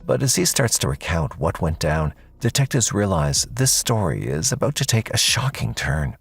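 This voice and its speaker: A man narrates true crime with a dramatic, suspense-building delivery. His voice is very deep and husky, with a gravelly fry and a pitch that swoops up and down for emphasis. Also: big pitch swings, moderate pace, faint music behind. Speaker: documentary narrator.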